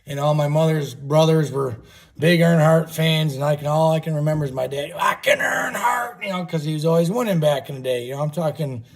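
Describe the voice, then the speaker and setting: Husky, folksy man chatting on a livestream. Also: a little high, fairly even intonation, brisk, darkish tone. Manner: rambling, folksy, swears casually. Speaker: livestream host. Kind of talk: casual livestream chat.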